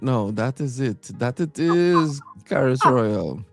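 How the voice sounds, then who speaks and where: A man's voice: medium pitch, expressive, slow, vocal fry, soft background music. A man from Trinidad co-hosting a casual live-stream chat, easygoing, laughing often and repeating words as he thinks. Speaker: co-host, singer.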